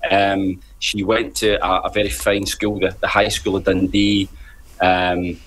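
A man speaking as a guest on a radio panel, measured and hesitant, with frequent ums. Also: low voice, little pitch movement, a bit bright, a little hiss or hum, low-quality recording. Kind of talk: studio panel discussion.

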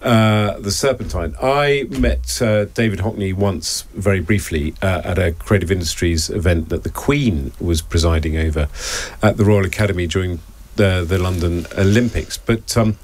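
A man's voice: low-pitched, moderate pace. A man hosting a casual radio chat show, bantering playfully. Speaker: host.

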